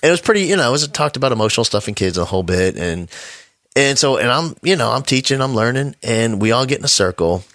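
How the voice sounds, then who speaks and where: A man's voice: mid-range voice, expressive, fast, fairly bright tone, no room sound, studio quality. A man hosting a casual podcast, telling a laid-back story with frequent chuckles.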